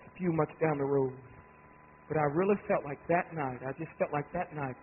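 A man preaching a sermon, building to shouted climaxes and then dropping low and soft. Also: brisk. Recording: tinny phone-like radio broadcast with faint noise.

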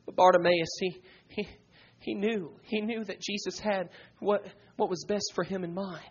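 A man preaching a sermon with fervor, rising to shouts, with frequent "uh" fillers and cries of "praise God". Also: high voice, fairly even intonation, moderate pace, breathy edge. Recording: dull lo-fi recording.

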